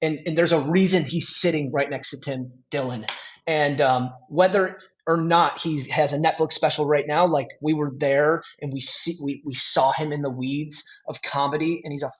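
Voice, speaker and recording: As a guest on a casual podcast, a Minnesotan man with a local accent tells stories animatedly, laughing often and restarting a lot. His voice sits on the high side at a normal speed, and the recording has a dull lo-fi sound.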